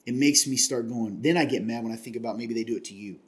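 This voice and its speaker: A man's voice: medium pitch, fast talker. A man from Kentucky hosting a casual chat, earnest and confiding, rambling with many restarts.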